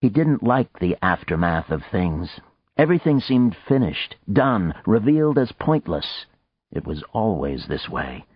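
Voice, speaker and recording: A man narrating an audiobook in a measured, expressive way, in a dry, dull lo-fi recording. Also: fairly low pitch, slightly rough, dry recording.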